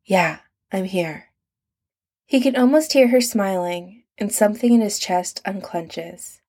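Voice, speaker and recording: A woman narrating an audiobook in calm, even scripted storytelling. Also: mid-range voice, normal speed.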